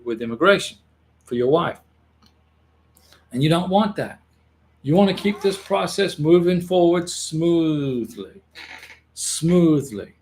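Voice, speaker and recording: A man hosting an advice livestream, talking casually to viewers in a reassuring way and often repeating or restarting his phrases. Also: on the high side. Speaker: immigration advice livestream host.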